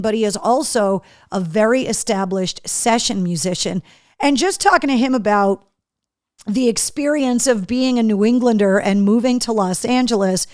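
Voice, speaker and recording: A radio and podcast host runs a live show with the hiccups, chatting casually and animatedly as she reads viewer comments aloud. Her voice is a little high, recorded in studio quality with no echo.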